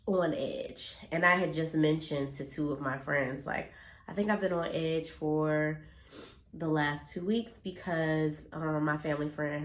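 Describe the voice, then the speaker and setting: A young woman talking earnestly and from the heart in a personal vlog, with many fillers like "um" and "you know.". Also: deep voice. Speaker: vlogger. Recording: echoey room.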